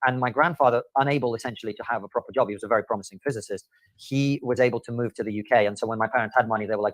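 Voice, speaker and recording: Man, quick earnest storyteller, dry close sound; podcast guest. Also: medium pitch, no room sound. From Soviet Union. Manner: fast, earnest recounting with frequent fillers. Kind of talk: interview clip, storytelling.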